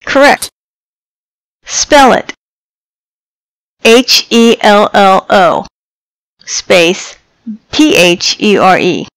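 Woman, tutorial presenter, clipped deliberate command dictation, slow, gravelly. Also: medium pitch, big pitch swings, a bit bright, no room sound, low-quality recording. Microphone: headset microphone.

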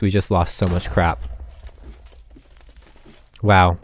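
Deep-voiced guy talking through his game, mumbly asides, then yelps when stuff goes wrong. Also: slow pace, pauses often, no echo. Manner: chatty, muttering asides, sudden exasperated outbursts. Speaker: gaming channel host. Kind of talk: casual gameplay commentary.

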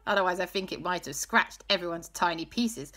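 A woman telling an improvised children's story in a playful way, dropping to hushed tones for spooky parts. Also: on the low side, a little fast. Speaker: storyteller host.

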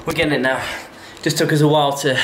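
This young fitness vlogger speaks at a quick pace with a slightly high voice and steady tone. Resting between sets in his home garage gym, he rambles in a casual way and keeps correcting himself, with loud noise echoing around the garage.

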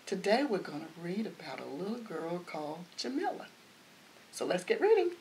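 A woman hosting a library storytime, reading a picture book aloud in a gentle, measured way. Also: lowish voice, big pitch swings, a little hiss or hum, low-quality recording.

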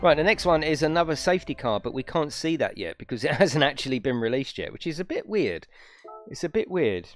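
Very animated and a little fast, the voice of this young British gaming streamer sits slightly high. He chats casually on a live stream, cursing freely and laughing frequently.

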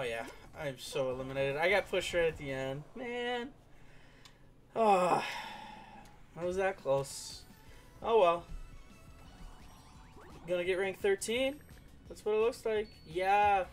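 A man's voice: high-pitched, lively intonation, takes it slowly, long pauses, faint music behind. A young man giving playful, casual commentary over a game he is playing, singing along and slipping into goofy voices. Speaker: gaming streamer.

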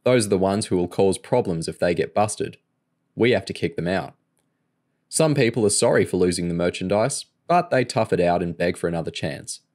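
A man voicing a calm, commanding male crime boss, speaking in an even, firm way. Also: low-pitched, normal speed.

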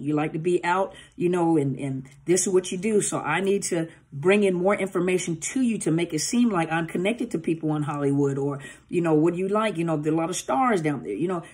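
A woman's voice: fairly low pitch, a little mellow, husky. A woman coach explaining narcissistic abuse in a casual, conversational teaching talk, acting out bits of dialogue with lots of "you know" asides. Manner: conversational, acts out dialogue with filler-heavy asides.

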